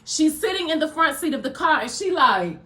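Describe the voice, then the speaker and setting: A woman co-hosting a podcast, telling an emotional family story in an animated, dramatic way. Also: sits high, brisk, echoey room. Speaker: podcast co-host.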